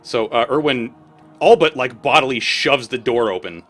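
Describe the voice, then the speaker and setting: A man narrating a tabletop game as game master, casual and halting with many fillers. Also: medium pitch, animated, fairly bright tone, faint music behind.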